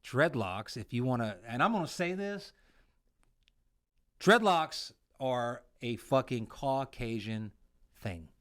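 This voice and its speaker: Man, casual podcast chat, swears a lot, animated storytelling, mid pitch. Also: slow pace. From United States. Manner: profane, animated storytelling with swings in pitch and loudness. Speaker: podcast co-host, veteran.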